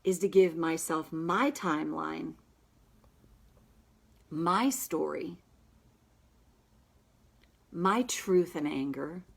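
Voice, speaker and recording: Brief: woman tapping coach, low voice, unhurried, emphatic repeated affirmations. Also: vocal fry, slightly rough. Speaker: tapping practitioner. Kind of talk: guided tapping session.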